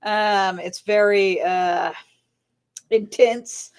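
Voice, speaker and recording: A woman author being interviewed, telling lively anecdotes with frequent laughter and acted-out voices. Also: mid-range voice, extremely slow, clear, resonant tone. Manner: animated storyteller, laughs often, acts out voices in anecdotes. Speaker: author guest. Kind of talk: casual interview chat.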